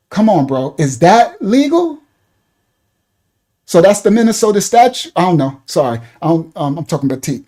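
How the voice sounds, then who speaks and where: A man talking through a livestream in a lively, swooping voice with a mellow, relaxed tone. He rambles in a repetitive, conversational way and calls out his chat viewers by name. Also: high-pitched, normal speed. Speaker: online commentator. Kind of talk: livestream commentary.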